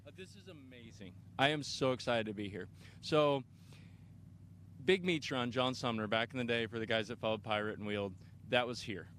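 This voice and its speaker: A man's voice: medium pitch, normal speed, a bit bright, slight background noise. A middle-aged man from Kansas, an off-road racer answering interview questions outdoors in an enthusiastic, rambling way with many restarts. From Kansas, USA. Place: outdoors at an off-road race park.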